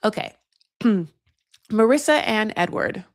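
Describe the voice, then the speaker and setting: A woman hosting a casual reality-show recap, gossipy and animated, acting out what the cast says. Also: medium pitch, takes it slowly, dry recording, clean studio sound. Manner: gossipy, animated, acts out the cast's lines.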